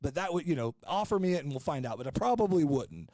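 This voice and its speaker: A man's voice: fairly high pitch, sing-song, quick pace, mellow, a little hiss or hum. A man on a podcast telling a long, rambling, jokey story in casual chat, with many fillers and restarts. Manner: jokey and frank. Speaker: podcast co-host.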